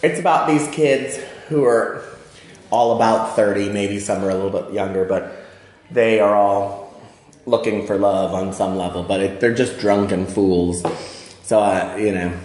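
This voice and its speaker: Man, 40s, Midwestern accent, interview guest, wry and chatty, lowish voice, roomy echo. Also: fairly even intonation, measured pace, darkish tone. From outside Chicago. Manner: chatty, wry and self-deprecating. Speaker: magazine editor and guest. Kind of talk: casual interview chat.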